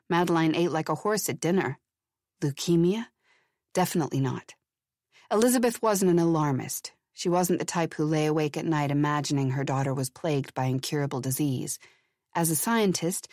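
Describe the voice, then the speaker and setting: Woman audiobook narrator, lowish voice, measured and wry, dry close studio sound. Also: a little mellow, no room sound. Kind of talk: scripted narration. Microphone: close studio mic.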